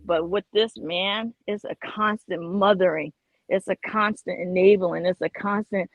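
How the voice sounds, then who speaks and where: A woman's voice: medium pitch, steady tone, unhurried, dry recording. Emphatic woman on a lo-fi call. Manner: emphatic, insistent, talks over others. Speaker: panelist. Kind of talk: opinionated casual debate. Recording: dull lo-fi online audio.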